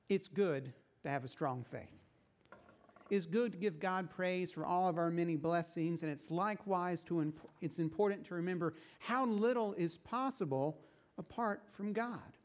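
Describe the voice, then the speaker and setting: A male pastor preaches in a relaxed, conversational storytelling manner. His voice sits slightly higher than most men's, and he varies his pace to draw listeners along. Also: moderate pace. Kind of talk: sermon.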